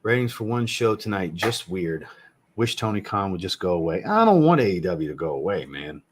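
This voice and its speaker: With slight background noise, a man in his thirties hosts a relaxed live fragrance chat from a home room lined with a fragrance shelf. His low voice is very animated at a moderate pace, and he answers viewers bluntly, jokingly and with casual profanity.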